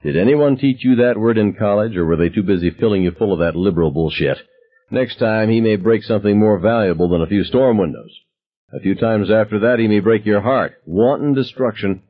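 A man voicing a stern, short-tempered father who speaks curtly and with scorn, in an audiobook reading with a husky voice. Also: on the low side, phone-quality sound, close to an everyday voice. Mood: angry. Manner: curt, scornful, deliberate.

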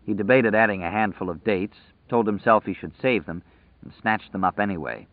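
Male audiobook narrator, lowish voice, measured and dramatic, dry tinny phone-quality sound. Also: dry recording.

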